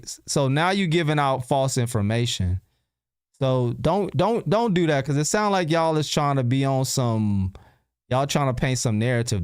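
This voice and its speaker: A man's voice: mid-range voice, darkish tone, smooth, no echo, studio quality. A man hosting a casual livestream, answering his chat in loose, slangy talk and repeating rhetorical questions. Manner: repeats himself and fires rhetorical questions at viewers.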